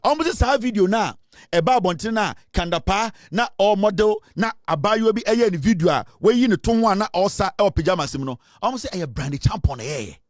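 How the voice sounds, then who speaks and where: A man with a Ghanaian accent delivers political commentary in an emphatic, dramatic way. His voice sits high for a man. The sound is dry and close, with no room around it. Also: lively intonation, brisk, no echo. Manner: emphatic, dramatic, mixes Twi and English.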